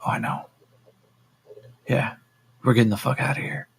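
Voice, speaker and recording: A man voicing a blunt, determined captive fighter who talks low and urgently, with a lot of swearing. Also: fairly even intonation, moderate pace, creaky, breathy edge.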